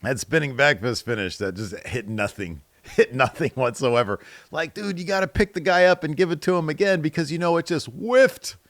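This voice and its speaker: A man's voice: on the high side, normal speed, a bit bright, no room sound. A man hosting a wrestling podcast, casually reading viewer comments aloud and giving his opinions on them. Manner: chatty, opinionated, laughs at own jokes. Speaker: podcast host.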